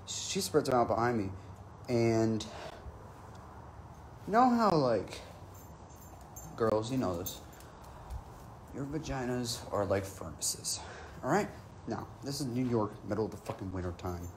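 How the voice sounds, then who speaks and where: Slow, profane man telling a story. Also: mid-range voice, lively intonation, darkish tone, slight background noise. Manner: profane, rambling anecdote. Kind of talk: casual comic storytelling.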